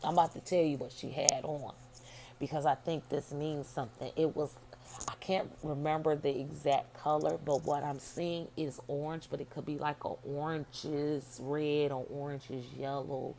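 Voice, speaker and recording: A middle-aged woman telling a dream story in a blunt, profane, animated way. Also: deep voice, normal speed, creaky, a little hiss or hum. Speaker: vlogger telling her dream. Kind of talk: casual storytelling.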